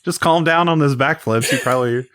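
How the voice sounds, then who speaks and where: A man's voice: mid-range voice, a little fast, fairly bright tone, dry recording. A man co-hosting a film podcast, joking and laughing a lot in casual chat. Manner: joking, laughs a lot, mock-gravelly impressions. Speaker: podcast co-host.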